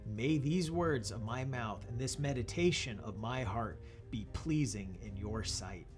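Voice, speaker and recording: A man's voice: mid-range voice, expressive, unhurried, faint music behind. A young man hosting a children's church lesson, explaining things to kids in a patient, upbeat way. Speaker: children's ministry host. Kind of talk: kids' Bible lesson.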